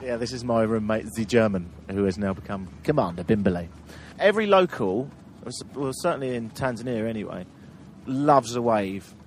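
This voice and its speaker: A man's voice: fairly low pitch, lively intonation, normal speed, slight background noise. A man hosting a travel podcast, telling road-trip anecdotes in casual chat and laughing through them.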